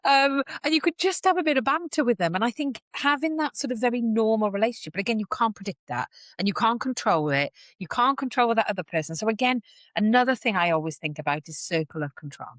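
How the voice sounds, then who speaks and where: She's a podcast guest in her forties having a casual, animated conversation, often performing the voices of people she describes. Her pitch is a little high, her pace quick, and the recording is studio quality with no echo.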